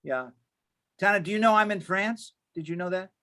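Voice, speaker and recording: A man with a notably high voice moderates a live Q&A over a video call. He reads out audience questions and drops in playful, joking remarks between them. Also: expressive, normal speed, bright, forceful tone. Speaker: host.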